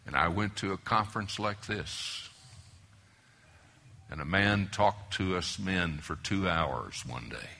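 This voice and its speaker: A man preaching with a sharp, forceful tone and a rough, husky grain. His pitch leaps and dips widely as he tells his story, rising to loud exclamations and dropping to near-whispers. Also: expressive, slow pace, pauses often. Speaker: preacher at a marriage conference. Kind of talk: sermon.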